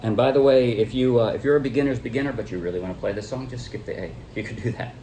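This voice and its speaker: A man's voice: medium pitch, loud music behind the voice. A man teaching a ukulele song, talking loosely with restarts as he counts beats and shows chord changes. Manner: relaxed, halting explanations with counting and calling out strums. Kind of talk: casual music tutorial.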